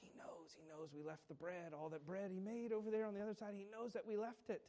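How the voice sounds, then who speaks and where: A man voicing a flustered male disciple who frets in hushed, worried muttering. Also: very high voice, fairly quick, pitched above the performer's own voice. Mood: fretful whisper.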